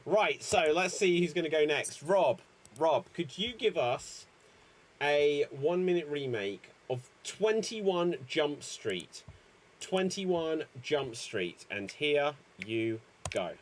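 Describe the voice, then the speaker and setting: Unhurried man hosting an improv show. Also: a little high, animated.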